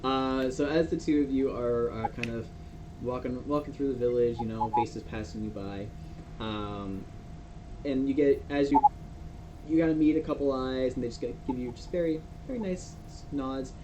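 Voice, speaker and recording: Running a tabletop game as game master, a man narrates in a mid-range voice at normal speed. He rambles, laughs often, and is full of fillers and restarts, with music playing in a noisy background.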